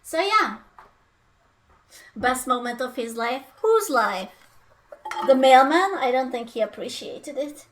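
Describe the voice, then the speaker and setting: A woman's voice: high voice, lively intonation, slow pace, pauses often, a little hiss or hum. A young woman, chatting playfully on a live cooking stream and breaking into silly sing-song noises. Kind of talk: casual live-stream chat while cooking.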